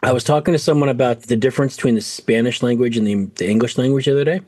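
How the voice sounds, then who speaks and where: A man's voice: mid-range voice, fairly even intonation, rapid-fire, darkish tone, no room sound. A tired, slightly sick man co-hosting a casual podcast, joking at his own expense and stammering over restarts. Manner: jokey, self-deprecating, stammers on restarts. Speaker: podcast co-host. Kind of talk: casual chat.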